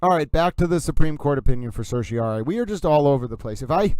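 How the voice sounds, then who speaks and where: A man's voice: on the high side, animated, quick pace, darkish tone, no room sound. A man casually commenting on a livestream, rambling and interrupting himself as he goes. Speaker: streaming commentator.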